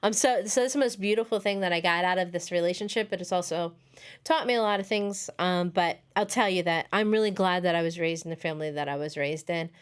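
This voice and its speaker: A woman's voice: lowish voice, quick pace, clean tone. A middle-aged woman, a podcast guest, telling family stories in casual chat and acting out the voices she quotes. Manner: animated storyteller, acts out quoted voices.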